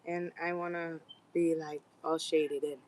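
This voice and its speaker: A woman's voice: low-pitched, little pitch movement, unhurried, a little mellow, no room sound. A young woman vlogging in casual, rambling chat, switching to sing-song praise when talking to her dogs.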